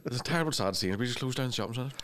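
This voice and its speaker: Male co-host, rapid and animated, jokey banter. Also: medium pitch, a little hiss or hum. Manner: quick, animated, jokey, slips into silly put-on voices. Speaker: podcast co-host. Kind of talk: casual banter.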